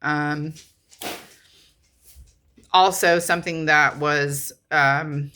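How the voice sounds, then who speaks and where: A woman's voice: sits low, steady tone, extremely slow, sharp tone. A woman in her thirties telling a rambling, frank story to her camera, swearing casually and trailing off often. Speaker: vlogger.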